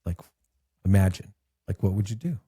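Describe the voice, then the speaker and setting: A man's voice: sits low, lively intonation, moderate pace, warm tone, husky. A man co-hosting a podcast, telling a rambling joke and leading casual chat. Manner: rambling storyteller, laughs at own jokes. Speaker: podcast co-host.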